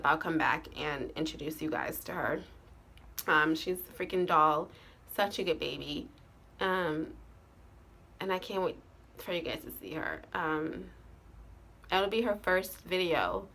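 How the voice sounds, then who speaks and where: Woman, slightly low pitch, casual vlog storytelling, lots of "like" and "um". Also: a bit bright. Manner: chatty, many fillers and "like". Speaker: vlogger.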